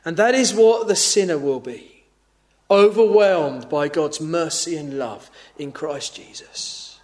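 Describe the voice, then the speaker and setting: A man preaching an evening sermon, earnest and measured, often falling to a hushed, pleading tone. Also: on the high side.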